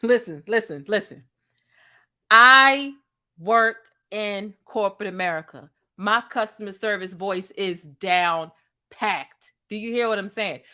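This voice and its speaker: A woman's voice: medium pitch, measured pace, bright, forceful tone. A woman hosting a reaction commentary, sassy and incredulous, talking straight to the viewer. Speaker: commentary host.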